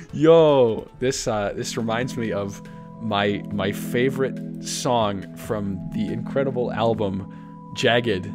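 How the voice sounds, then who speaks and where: A man giving playful, joking gameplay commentary, excitable and often jumping up into a high voice when baffled. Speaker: gaming YouTuber.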